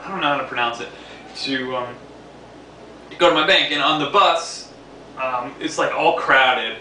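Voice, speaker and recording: This vlogger, a man from the New York City area, meanders through a relaxed story with repeated words and laughter, pausing often. His mid-range voice is sharp and paced normally, captured far from the mic in an echoey room with faint hiss.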